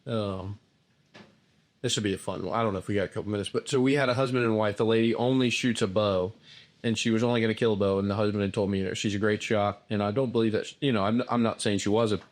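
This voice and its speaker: A man casually telling a bow hunting story, plain and a little halting. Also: on the low side, steady tone. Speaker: outfitter guest.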